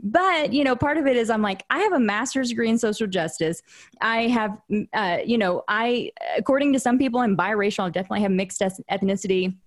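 A woman's voice: a little high, brisk. A woman hosting an interview podcast, talking things through in a casual, reflective way with frequent restarts and fillers. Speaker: podcast host.

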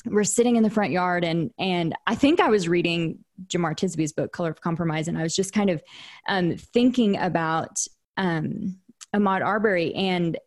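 A woman hosting an interview podcast, talking things through in a casual, reflective way with frequent restarts and fillers. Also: on the low side. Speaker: podcast host.

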